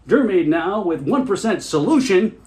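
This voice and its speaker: A man putting on a loud, over-the-top infomercial announcer who pitches high above his normal voice and stretches every slow, booming word. He sells hard and never lets up. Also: big pitch swings. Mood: hyped. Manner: booming, drawn-out sales pitch. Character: overblown male TV infomercial announcer.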